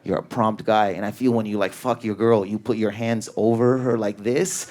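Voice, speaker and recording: A man doing a stand-up comedy set in a club, riffing at high energy on an audience member. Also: fairly even intonation, moderate pace, darkish tone. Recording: live club with a laughing crowd. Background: audience laughter.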